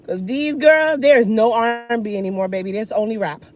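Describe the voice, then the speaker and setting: A woman in her thirties ranting casually while getting ready, sassy and animated, talking with food in her mouth. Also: fairly high pitch, moderate pace, slight background noise. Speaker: hair care vlogger.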